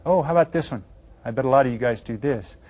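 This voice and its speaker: A man teaching a recorded Spanish lesson to children, upbeat, prompting students with counts and saying the Spanish words slowly and carefully. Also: medium pitch, a little mellow.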